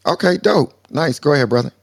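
A man's voice: a little high, lively intonation, brisk, gravelly. A man moderating a live chat room, casual and streetwise, joking and calling people brother. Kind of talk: casual slangy banter.

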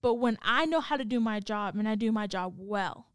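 A woman's voice: medium pitch, normal speed, smooth, dry recording. A woman in casual chat, rambling and venting, with many fillers.

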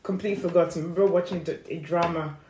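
A woman co-hosting a casual chat podcast in a lowish voice. She is easygoing and agreeable, with frequent soft murmurs of agreement. She sounds like she is recorded in an echoey room. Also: quick pace. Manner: relaxed, agreeable, gives frequent murmured backchannels. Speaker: podcast co-host. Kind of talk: casual chat about dramas.

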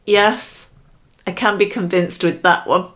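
A woman's voice: medium pitch, fairly even intonation, unhurried, a bit bright. A woman hosting a solo podcast, chatty and giggly, talking straight to the listener. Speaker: podcast host. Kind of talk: upbeat solo podcast talk.

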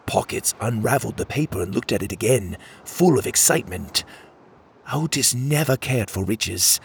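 A man's voice: lowish voice, moderate pace, vocal fry, husky, no echo. A man narrating a children's storybook and voicing its characters. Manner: animated, does voices for each character.

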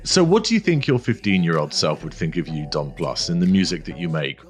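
A man's voice: sits low, very animated, a little fast, loud music behind the voice. A man hosting an interview in a playful, teasing way. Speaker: podcast host.

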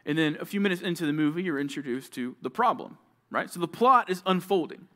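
A young man preaching to junior high students, telling stories and acting out short scenes, with sudden swings from loud to hushed. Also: expressive, fast. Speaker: youth pastor. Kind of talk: youth sermon.

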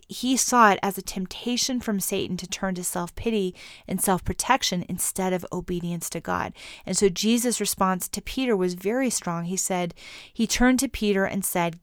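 A woman giving an earnest devotional teaching to women, reading quotations slowly and softly. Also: medium pitch, dry recording, clean studio sound.

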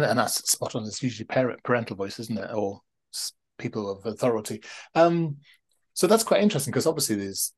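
A man's voice: on the low side, breathy edge. A man hosting a podcast interview, asking reflective questions and thinking aloud with frequent restarts. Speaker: podcast host.

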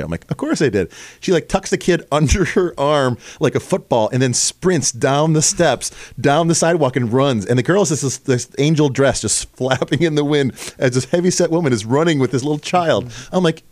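A man's voice: mid-range voice, no echo. A man hosting a casual podcast chat, telling a long story and acting out the voices of the people in it. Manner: animated storyteller, acts out voices. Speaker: podcast host.

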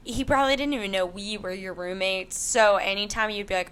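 A young woman chatting casually with roommates, telling stories with lively quotes. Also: medium pitch, a little fast, smooth. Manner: lively, storytelling with dramatic quotes. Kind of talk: casual chat.

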